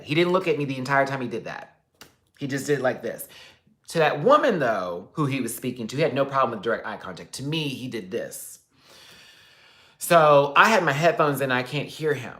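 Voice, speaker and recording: A man hosting a casual livestream, telling a story in an animated, expressive way, swearing freely and talking directly to his viewers. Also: mid-range voice, moderate pace. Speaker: livestream host.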